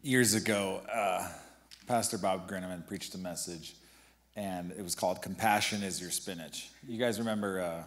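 A man's voice: low voice, moderate pace, fairly bright tone. A man preaching a sermon as pastor of a church, exhorting the congregation and building to emphatic passages. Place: church sanctuary.

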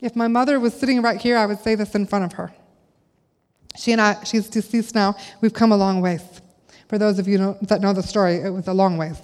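A middle-aged woman preaching a sermon, telling a family story animatedly and acting out the voices of her children. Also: fairly quick. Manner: animated, acts out quotes in a high child voice. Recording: long reverb of a large hall.

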